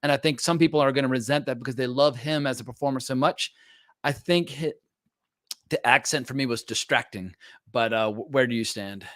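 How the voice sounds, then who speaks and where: A man's voice: mid-range voice, a little fast, fairly bright tone, no room sound, clean studio sound. A man hosting a casual film discussion, opinionated, asking questions and breaking off to restart sentences. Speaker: film podcast host.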